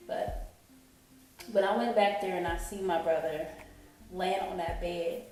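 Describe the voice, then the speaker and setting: A channel host tells an emotional personal story in a storytime vlog, rambling and repeatedly saying "you know what I'm saying." Her fairly low, darkish voice is steady and measured, captured in an echoey room on a distant mic with faint music.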